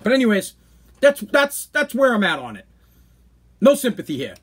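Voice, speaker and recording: A man's voice: sits high, sing-song, moderate pace, slightly rough. A man hosting a podcast, telling a personal story in a blunt, profane, worked-up way. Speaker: podcast host. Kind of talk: casual storytelling.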